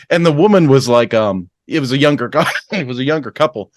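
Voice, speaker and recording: A man's voice: brisk, hardly any pauses, no echo. A male podcast host chatting casually with his guest. He tells stories with gusto and jumps into other people's voices as he acts out their lines. The sound is dry and close to the mic. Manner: animated storyteller, acts out dialogue with big pitch jumps. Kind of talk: casual interview chat.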